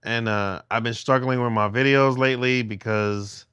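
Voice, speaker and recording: A man's voice: medium pitch, steady tone, moderate pace, a bit bright, smooth, dry recording, highs cut off. A middle-aged man livestreaming from a phone held in his hand at home, chatting with viewers in a rambling way with many restarts. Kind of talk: casual livestream chat with viewers.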